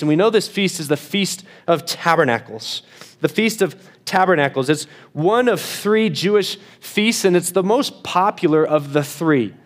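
Guy preaching, kinda high voice, slows down and gets hushed on the big lines, repeats himself a bit. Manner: emphatic, slows down and drops to a hush for key phrases; repeats words when restarting. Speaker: pastor. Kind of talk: sermon.

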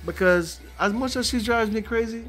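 With music playing in the background, an older vlogger talks at home in a loose, rambling way, leaning on fillers like "you know" and frequent tags. He speaks at a normal speed in a high-pitched voice.

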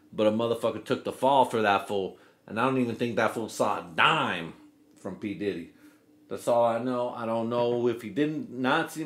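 A man hosting a comedy podcast, talking in a loose, profane, rambling way and acting out quotes in silly voices. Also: fairly low pitch. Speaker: podcast host.

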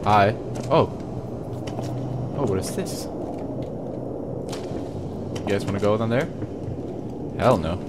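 Young male gaming YouTuber, skittish horror commentary, slow delivery, noisy background. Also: on the low side. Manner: jumpy, swears a lot, talks to viewers. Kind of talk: horror game let's play commentary. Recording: noisy home recording.

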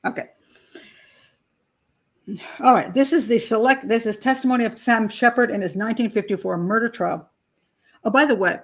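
A woman's voice: mid-range voice, gravelly, husky. An older woman hosting a casual true-crime commentary, talking emphatically and with open disbelief as she picks apart testimony. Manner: emphatic, incredulous, mocks testimony with acted-out voices. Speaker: criminal profiler and channel host.

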